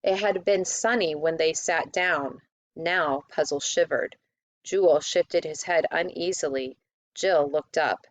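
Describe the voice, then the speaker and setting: A woman narrating a children's fantasy book in a steady audiobook reading. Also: low-pitched, measured pace, no room sound.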